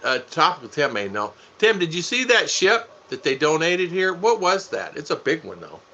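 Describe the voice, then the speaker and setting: A man's voice: on the high side, very animated, moderate pace, bright, forceful tone. A man co-hosting a casual live stream, joking with his wife and greeting viewers by name. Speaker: vlog co-host. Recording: dull lo-fi sound.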